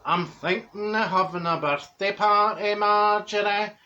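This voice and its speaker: A man voicing a glum, very old woman from Glasgow with a Glaswegian accent, talking in a slow, plaintive drawl. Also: sits high, level tone, sharp tone, lo-fi sound, heavily acted. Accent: Glaswegian Scottish.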